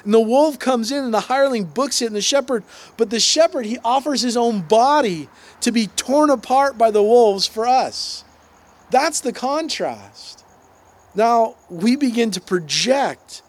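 High-voiced, animated pastor preaching. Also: male voice, a little slow. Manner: conversational, animated preaching with asides and quoted voices. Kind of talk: sermon.

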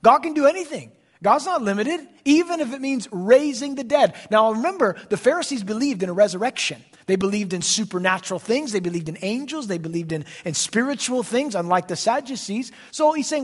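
A man, a pastor, preaching a sermon in church, emphatic, swinging between loud declarations and soft asides. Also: very high-pitched, expressive, fairly quick.

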